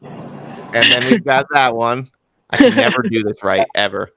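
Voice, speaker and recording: Bright-voiced man hosting a podcast. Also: medium pitch, wildly swooping pitch, unhurried, gravelly. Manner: chatty, laughs easily. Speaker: podcast host, MMA journalist. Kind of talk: casual interview chat.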